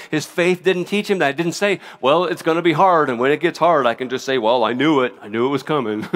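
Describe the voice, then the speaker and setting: Earnest man preaching a sermon. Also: medium pitch. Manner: earnest preaching, reads scripture aloud, rises and falls in intensity. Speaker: pastor.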